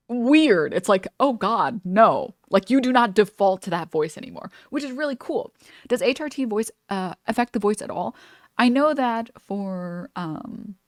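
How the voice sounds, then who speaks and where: A woman's voice: mid-range voice, a little mellow, no room sound, clean studio sound. A woman streamer chatting casually while reacting to a video, rambling with many fillers and restarts. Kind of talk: casual live-stream chat.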